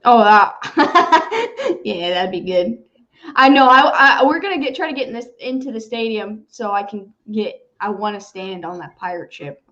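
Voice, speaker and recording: A woman's voice: mid-range voice, moderate pace. Laughing, swearing woman co-host, lo-fi sound. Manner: animated, laughs often, swears freely. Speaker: podcast co-host. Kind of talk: casual chat. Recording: dull lo-fi sound.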